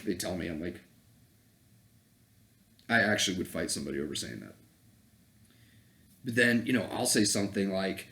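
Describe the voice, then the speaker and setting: A man's voice: deep voice, big pitch swings, moderate pace, long pauses, fairly bright tone. A man from Connecticut in the US giving a heated, profane political rant, full of sarcastic mimicry. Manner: profane, angry, swings into mocking voices. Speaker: political commentator. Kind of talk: heated ranting commentary.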